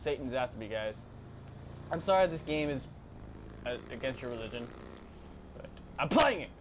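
A young man commentating a video game, loud and swearing constantly, yelling and laughing as he plays. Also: mid-range voice, lively intonation, normal speed, a little hiss or hum. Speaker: gameplay commentator. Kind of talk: excited, profane let's-play chatter.

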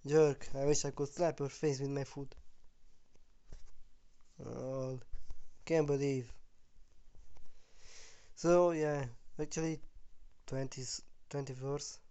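A man giving casual gameplay commentary on his channel, excitable and chuckling, with loose phrasing and a sick voice. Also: mid-range voice, slow pace, long pauses, clear, resonant tone, muffled recording. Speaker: gaming YouTuber.

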